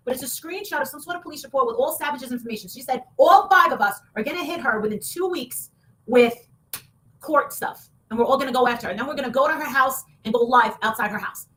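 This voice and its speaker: A woman talking in a heated, casual rant, swearing often and breaking into loud outbursts. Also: high voice, a little hiss or hum. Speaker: online show guest.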